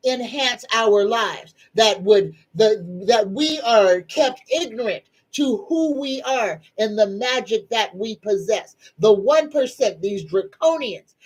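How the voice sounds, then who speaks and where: Middle-aged woman on a livestream, slow drawl, folksy and preachy. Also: mid-range voice, breathy edge, low-quality recording. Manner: tearful, soft-spoken. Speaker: psychic livestream host. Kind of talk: casual live-stream chat.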